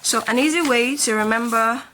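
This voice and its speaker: Woman, beginner language teacher, bright voice, patient and repetitive delivery. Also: a little high, slight background noise. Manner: patient, repeats sounds slowly while writing. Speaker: Korean teacher.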